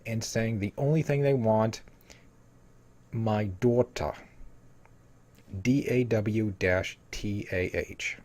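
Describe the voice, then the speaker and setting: A man's voice: fairly low pitch, a little slow, few pauses, a little mellow. A man giving a casual spoiler rundown of a TV episode, reading bits of a summary and rambling with lots of filler words. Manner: rambling, heavy with "you know" fillers.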